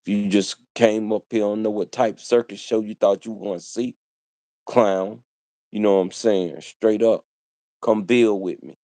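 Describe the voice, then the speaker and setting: Man, livestream monologue, preachy and repetitive, low voice, dry close sound. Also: fairly even intonation, measured pace, warm tone, dry recording. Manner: preachy, repetitive, street slang. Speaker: livestream host.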